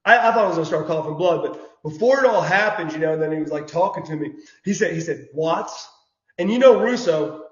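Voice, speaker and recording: A man, telling stories casually as an interview guest, animated and prone to repeating words. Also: fairly high pitch, fairly quick. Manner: animated storyteller, says "brother", repeats words. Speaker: guest, former wrestler. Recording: dull lo-fi audio in an echoey room.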